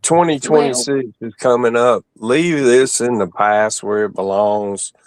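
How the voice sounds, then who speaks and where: A man hosts a live stream in an unhurried, easygoing way. He speaks calmly and kindly, and his voice sounds dry and close to the mic. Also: mid-range voice, dry recording. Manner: calm, conciliatory. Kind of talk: casual live-stream chat.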